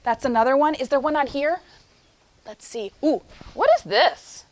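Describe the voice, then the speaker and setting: A young adult woman teaching a phonics lesson to young children in an animated, sing-song teacher voice. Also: high voice. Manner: animated, sing-song teacher voice, slows for chanted poem lines.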